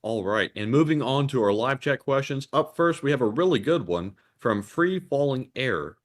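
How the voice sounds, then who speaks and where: A man co-hosting a live stream, reading out viewer donations and questions in a plain, steady way. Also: medium pitch, moderate pace. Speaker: co-host reading super chats.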